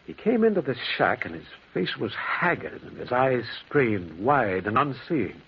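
A man's voice: mid-range voice, big pitch swings, unhurried, husky, heavily acted. An actor playing a railwayman who narrates his eerie encounter with an urgent, dramatic delivery, in 1940s radio-drama style on a dull old recording. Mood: tense narrating. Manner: urgent, tense, dramatic storytelling.

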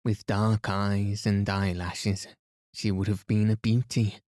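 A man narrating a novel as a calm bedtime reading. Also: on the low side, no echo, studio quality. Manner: soft, soothing, unhurried. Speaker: audiobook narrator.

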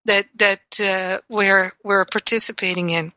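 A woman's voice: mid-range voice, fairly even intonation, unhurried, pushed and bright, smooth, dry recording, low-quality recording. A woman teaching in a reflective spiritual talk, telling stories and acting out her own reactions. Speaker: spiritual teacher and radio host.

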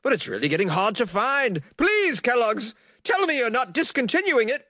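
A man voicing an earnest middle-aged cereal fan who talks slowly and pleads. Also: extremely high pitch, very animated, sharp tone, dry recording, studio quality, pitched above the performer's own voice, exaggerated voice. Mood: pleading. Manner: slow, pleading.

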